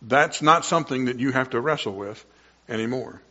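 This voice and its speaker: A man preaching a sermon as pastor, earnest and emphatic, slowing down to stress key words. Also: medium pitch, sharp tone, lo-fi sound.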